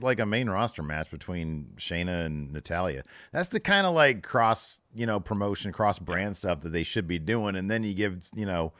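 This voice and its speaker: A deep-voiced man chats loosely as a podcast co-host, leaning on "like" and "you know" as he rambles through a story. The mic is close and dry. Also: lively intonation, moderate pace, few pauses, fairly bright tone, dry recording. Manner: chatty, rambling, many fillers like "like" and "you know". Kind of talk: casual chat.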